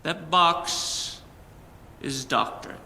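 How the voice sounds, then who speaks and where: A man voicing the quiet, firm, insistent voice of God in a spoken story. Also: a little high, very slow, creaky, long reverb tail, slight background noise, heavily acted. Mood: hushed. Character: hushed divine voice of God, calm and firm.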